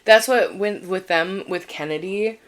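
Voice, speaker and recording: A woman's voice: medium pitch, unhurried. A young woman co-hosting a podcast, talking in a casual, rambling way with lots of fillers and restarts. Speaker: podcast co-host. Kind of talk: casual chat.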